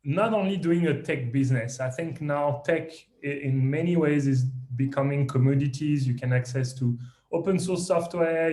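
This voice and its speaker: A man from France with a French accent, talking as a company founder in a podcast interview, lively and self-deprecating with frequent restarts. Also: medium pitch, reverberant.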